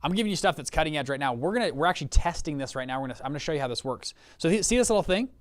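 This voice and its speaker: A young man hosting a casual live webinar over a video call, telling stories with lots of restarts and quick check-ins with his viewers. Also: on the high side. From Utah. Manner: animated, storytelling with many restarts and check-ins. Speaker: fund manager and webinar host.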